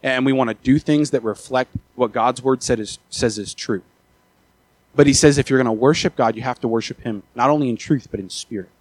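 A man preaching a sermon in a plain mid-pitched voice, recorded dry and close. He talks in a conversational way and often trips over and repeats words as he goes. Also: a little fast, no room sound. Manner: builds from quiet talk to loud, high-pitched urgency. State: out of breath after the peak.

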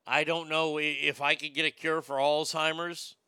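A man with a very bright, smooth voice and a touch of gravel riffs on the news, joking irreverently and tripping over restarts. The recording is dry and close. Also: fairly high pitch, little pitch movement, normal speed, dry recording. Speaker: show host reading news and chat comments. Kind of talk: casual commentary.

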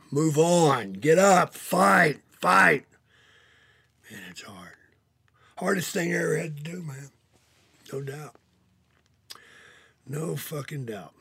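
A man telling a blunt, profane personal story as a show's host, often sinking to a hushed near-whisper. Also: medium pitch, slightly rough, dry recording.

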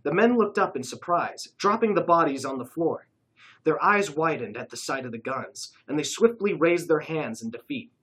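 A narrator reading a comic caper story aloud, expressive and lively. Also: medium pitch, moderate pace, slightly rough, rough recording.

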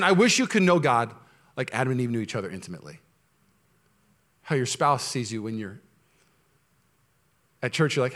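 A male pastor preaching a sermon, moving between quiet, low asides and loud, high, impassioned stretches. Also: animated, normal speed, long pauses.

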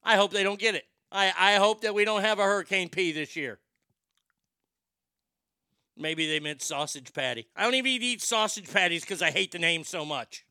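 Speaking in a high, lively voice at a normal pace, a radio host from Texas launches into a profanity-laced comic tirade, erupting loudly in fake indignation. The tone is clean, with no echo and crisp studio sound.

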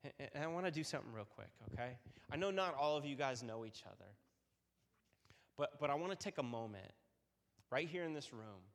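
A man's voice: medium pitch, fairly quick, pauses often, long reverb tail. A man preaching to a youth group, telling a long personal story full of fillers and restarts. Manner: animated storytelling, many fillers and repeated starts. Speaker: youth pastor.

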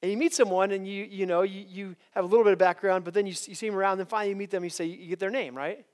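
A man's voice: sits high, fairly even intonation, very fast. A man preaching to college students, speaking animatedly, restarting his sentences and often asking "right?". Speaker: campus preacher.

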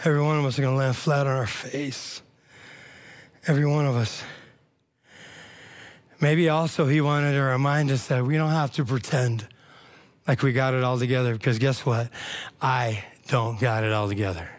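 A man's voice: mid-range voice, steady tone, moderate pace, long pauses. A man preaching a casual, conversational sermon as pastor to his church, with frequent asides.

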